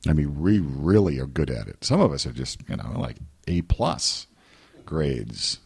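A man from New England preaching a sermon as pastor, animated and joking, slipping into mimicry. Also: a bass voice, measured pace, gravelly, slightly rough.

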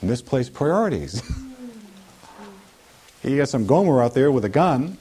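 A man preaching a sermon in an animated way, with humorous asides. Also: mid-range voice, a little slow.

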